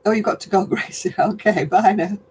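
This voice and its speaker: Chatty older man, slightly high voice. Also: steady tone, a little fast, a little hiss or hum, low-quality recording. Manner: rambling, chatty, laughs often. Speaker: host. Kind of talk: casual livestream chat.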